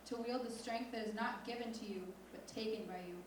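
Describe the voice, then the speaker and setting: A teenage girl reading her own spoken word poem slowly and intensely as a student poet on stage. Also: fairly high pitch, fairly even intonation, background noise. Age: teens. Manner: slow, deliberate, intense recitation. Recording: echoey hall from far off.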